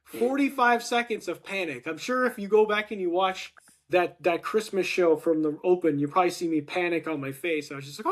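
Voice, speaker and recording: A man hosting a casual chat, telling a story and acting out the quotes with rising excitement. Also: sits high, moderate pace. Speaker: podcast host.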